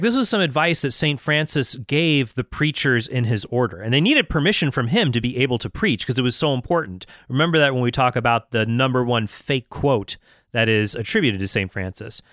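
Animated man, dry close sound. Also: medium pitch, no echo. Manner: animated storyteller, reads quotes slowly and emphatically. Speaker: Catholic speaker and author. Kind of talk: lecture-style talk on saints.

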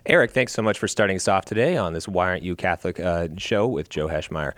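A man's voice: low voice, quick pace, fairly bright tone, no echo. A man hosting a call-in radio show, moving between callers with frequent fillers.

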